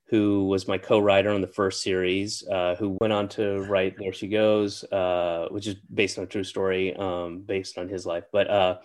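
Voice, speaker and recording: A middle-aged man with a fairly low voice, chatting as an interview guest. He talks in a halting, meandering way, full of fillers and restarts. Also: flat delivery. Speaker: interview guest, comedian and actor. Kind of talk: casual interview chat.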